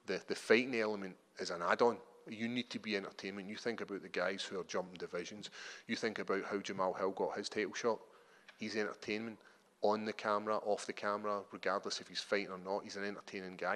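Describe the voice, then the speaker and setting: Scottish man with a deep voice. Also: in a large hall. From Scotland. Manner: chatty, animated storytelling with many restarts. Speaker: MMA fighter. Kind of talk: media day interview.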